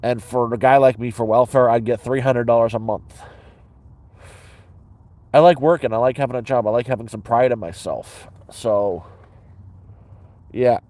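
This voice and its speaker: A man's voice: mid-range voice, moderate pace, long pauses, a little mellow, no room sound. A man vlogging from inside his sleeping bag, telling a story in a blunt, profane, rambling way with many restarts. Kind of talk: casual rambling storytelling to camera.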